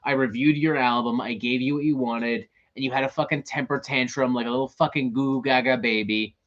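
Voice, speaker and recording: A man's voice: medium pitch, fairly even intonation, brisk, a bit bright, dull audio. A man hosting a show, ranting in casual talk, profane and exasperated. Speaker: host.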